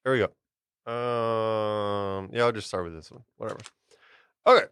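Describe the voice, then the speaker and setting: A man's voice: on the low side, steady tone, measured pace, a bit bright, clean tone, no room sound. A man guesting on a podcast in casual banter, eagerly reading out trivia questions.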